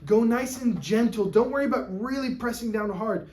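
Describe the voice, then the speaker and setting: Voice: mid-range voice, normal speed, a little mellow. A ukulele teacher giving an on-camera lesson, friendly and patient, asking "okay?" after nearly every point and counting beats aloud over ukulele strumming. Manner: friendly, checks in with "okay?" constantly.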